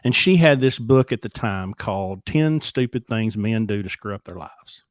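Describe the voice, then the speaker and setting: A man's voice: on the low side, lively intonation, moderate pace, dry recording, studio quality. Candid, self-deprecating man in his forties. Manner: candid, self-deprecating, reflective, with occasional swearing. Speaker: podcast co-host, trucking company. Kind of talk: casual conversational storytelling.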